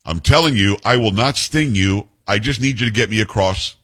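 Male host putting on a persuasive fable scorpion, reassuring, husky. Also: lowish voice, moderate pace, a bit bright. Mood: coaxing.

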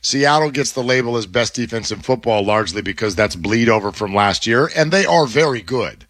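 A man hosting a sports radio show in a studio, talking through the week's games with a co-host in an animated, analytical way. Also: mid-range voice, dry recording. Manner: animated, analytical, quick back-and-forth. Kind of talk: sports talk radio chat.

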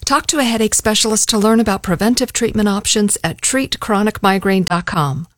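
A woman reads a health ad at a mid-range pitch in a measured, serious tone. The recording is dry and close. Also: no echo. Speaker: ad announcer. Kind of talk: read radio ad.

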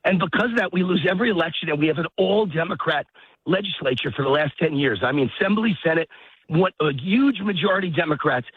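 Calling in to a political talk show as a guest commentator, a man rants emphatically and heatedly over a tinny, dry phone line, repeating himself. He's walking his dog outdoors in a park and is out of breath. His voice is on the high side, animated and quick with a breathy edge, and there's no room sound.

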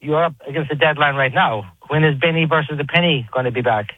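A man's voice: a little high, fast talker, slightly rough, no echo. A man who calls in regularly, rambling about sports. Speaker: regular caller. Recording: phone line.

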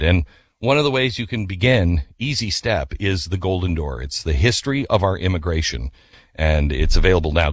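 A radio host man telling an animated story in a chatty way, then reading ads. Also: sits low, no room sound. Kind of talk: storytelling and ad reads.

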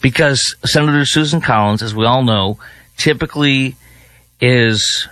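A man's voice: mid-range voice, unhurried, pushed and bright. Sarcastic talk radio host, man. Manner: sarcastic, rambling, mocking. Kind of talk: opinionated talk radio monologue.

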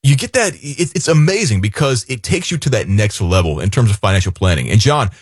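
Husky male radio co-host with swooping pitch. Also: brisk, no echo, studio quality. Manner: lively pitch swings, upbeat promotional pitch. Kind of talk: radio finance show.

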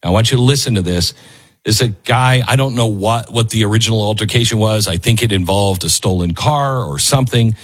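A man's voice: on the low side, a little fast, slightly rough. A man hosting an opinionated commentary show, speaking emphatically and repeating his key phrases like a lecture. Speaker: host.

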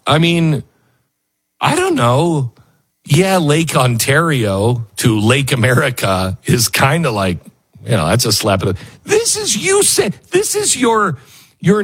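A man's voice: mid-range voice, husky. A man hosting a talk show, giving sarcastic, mocking opinionated commentary. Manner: sarcastic, mocking, lively with laughs.

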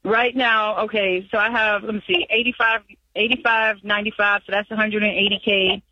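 A woman's voice: medium pitch, fairly even intonation, moderate pace, breathy edge, dry recording. A woman calling in to an advice show, anxious and rambling, laughing nervously as she lists her numbers. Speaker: caller. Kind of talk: phone-in call. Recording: muffled phone line.

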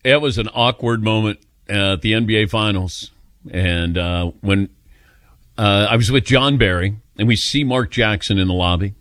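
A man's voice: fairly low pitch, normal speed, no echo, clean studio sound. A man hosting a sports talk radio show, telling stories casually and taking calls. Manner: animated anecdote-telling, mimics voices in quotes.

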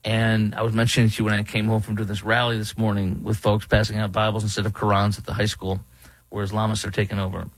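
A man's voice: on the low side, monotone, fast talker, dry recording, poor audio. A middle-aged man doing an opinionated political commentary, indignantly mocking the quotes he reads aloud and rebutting them.

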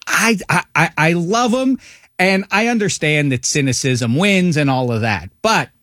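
A man's voice: a little high, lively intonation, a little slow, fairly bright tone, dry recording, clean studio sound. A man guesting on a sports talk show over a headset, joking in grand, playful phrasing in casual chat.

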